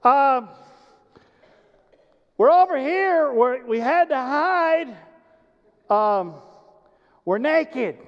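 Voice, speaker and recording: A sheepish, whiny grown man mumbling excuses, as a preacher puts him on, his voice pushed up high and strained. It trails off with hesitant ums. It sounds muffled, with a long echo of a big hall. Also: animated, extremely slow, long pauses, exaggerated voice. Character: sheepish adult man Adam, making excuses. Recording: muffled recording in a large reverberant hall.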